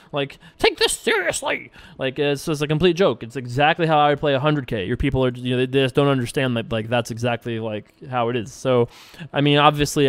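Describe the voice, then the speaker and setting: A man casually commenting on his own online poker play as host, rambling and relaxed with frequent filler words. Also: medium pitch, clear, resonant tone, no room sound. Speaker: poker player and show host.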